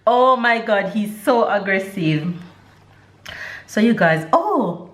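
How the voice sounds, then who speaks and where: A young Jamaican woman vlogs casually, chatting with her viewers, laughing a lot and cooing at her baby. Her mid-range voice is animated but slow, and the recording has a roomy echo with faint background noise.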